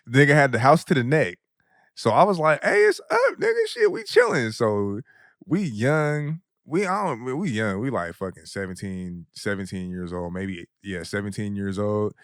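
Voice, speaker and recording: A young adult man hosting a podcast, telling a story in a casual, animated way. He laughs often mid-story and uses a lot of slang and profanity. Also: on the low side, clean tone, dry recording, clean studio sound. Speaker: podcast host.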